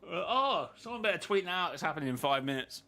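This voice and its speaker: A man's voice: a little high, very animated, fast, pushed and bright, faint music behind. A man streaming a game, chatting casually with his viewers in a rambling, self-interrupting way. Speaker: gaming streamer.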